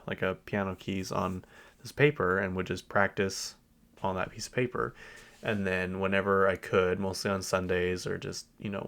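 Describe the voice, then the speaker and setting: Young guy rambling on his podcast, kinda low voice, lots of ums and likes. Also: creaky, fairly bright tone. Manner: chatty storytelling with frequent ums and likes. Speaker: podcast host. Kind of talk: casual solo podcast chat.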